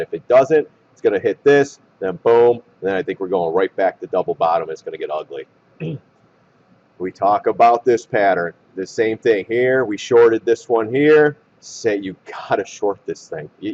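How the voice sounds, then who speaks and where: Hoarse man talking stock charts. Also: lowish voice. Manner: animated, blunt, trader slang. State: hoarse, losing voice. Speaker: stock market commentator. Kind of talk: chart analysis talk. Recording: dull lo-fi recording.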